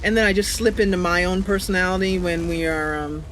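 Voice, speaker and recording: A woman's voice: on the low side, fairly quick, slight background noise, poor audio. A woman hosting her channel, chatting casually and playfully over gameplay, giggling often. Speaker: channel host, gamer.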